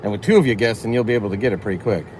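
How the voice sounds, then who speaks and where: A fairly low-pitched, slightly mellow-voiced man from northern Illinois talks rapid-fire on a casual livestream from his car. He chats and answers the viewer chat as he drives, over road noise in a low-quality recording.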